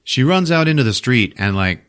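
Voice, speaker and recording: A man casually recapping a film for a podcast, swearing often, laughing and acting out quick character bits. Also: medium pitch, sing-song, fairly bright tone, smooth. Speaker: podcast host.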